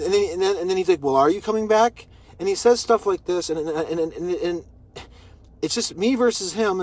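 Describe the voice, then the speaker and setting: Frustrated high-voiced man rambling. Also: a little mellow. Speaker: vlogger. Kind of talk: personal video message.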